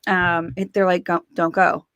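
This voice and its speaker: A woman, a guest in an interview, telling her story in a lively way and acting out the voices of people she quotes. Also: lowish voice, moderate pace, clear, resonant tone, no echo. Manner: animated, acts out quoted voices, laughs often.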